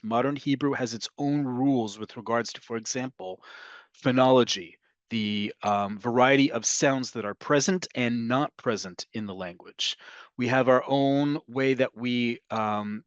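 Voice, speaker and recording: A man's voice: mid-range voice, fairly bright tone, dry recording, muffled recording. Patient North American man teaching a class. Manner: explanatory, patient, with frequent fillers. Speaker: Hebrew teacher. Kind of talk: online language lesson.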